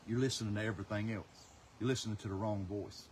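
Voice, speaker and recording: Man, evangelist sermon, lowish voice, passionate, faint birds and outdoor air behind. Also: steady tone, fast, a little hiss or hum. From North Carolina. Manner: passionate, swings from loud to hushed.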